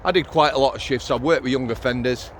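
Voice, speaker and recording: Outdoors, a middle-aged former prison officer tells stories to his channel in a blunt, sweary, conversational way. He talks fast at a medium pitch, with a little hiss or hum in the audio, in a casual vlog.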